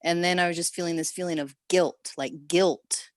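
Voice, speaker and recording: A woman on a video call sharing a personal experience in a rambling, emotional way, halting often with restarts. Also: lowish voice, fairly even intonation, dry recording, studio quality. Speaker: workshop participant.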